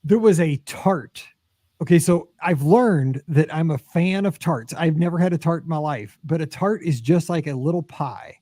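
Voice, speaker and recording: A man in his forties, a podcast host, telling a story in casual chat with many fillers and excited jumps in pitch. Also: moderate pace, dry recording, studio quality.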